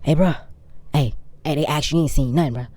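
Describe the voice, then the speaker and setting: A man's voice: a little high, fast, warm tone, husky, dry recording, voice pushed up. A man voicing a breathless young boy on the run, urgent and pleading.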